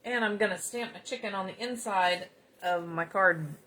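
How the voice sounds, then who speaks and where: A woman's voice: mid-range voice, normal speed, bright, forceful tone, slight background noise. A woman with a Southern US accent, chatting in a folksy way as she demonstrates card-making live. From United States. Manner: chatty, folksy, talks while working. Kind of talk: casual live crafting chat.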